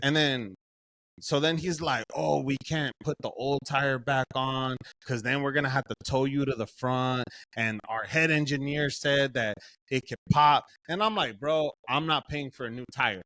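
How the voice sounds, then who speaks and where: A man's voice: medium pitch, a little slow, no room sound. A young man from Southern California, a podcast co-host, telling a profane story in casual chat and acting out what everyone said. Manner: profane, animated storytelling, quotes himself.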